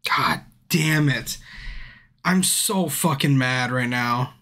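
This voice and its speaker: A man's voice: medium pitch, slow pace, bright, forceful tone. A drunk man streaming a game, chatting casually with his viewers by name, frustrated and swearing a lot. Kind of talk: casual live-stream chat.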